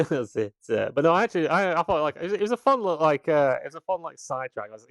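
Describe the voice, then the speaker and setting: A man's voice: a little high, sing-song, quick pace, no room sound. A man, co-hosting a podcast, chatting casually with many restarts and easy laughs. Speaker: podcast co-host. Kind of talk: casual chat.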